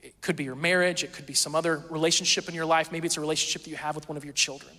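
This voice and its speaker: A man's voice: fairly high pitch, steady tone, racing, sharp tone, in a large hall. A male pastor preaching a sermon in a conversational, storytelling way, acting out quoted voices.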